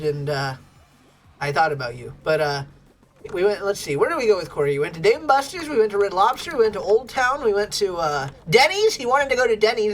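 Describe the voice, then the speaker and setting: A woman from the United States livestreams a game, chatting casually with her viewers in a bubbly way and laughing often. Her voice is mid-range with a fairly bright tone.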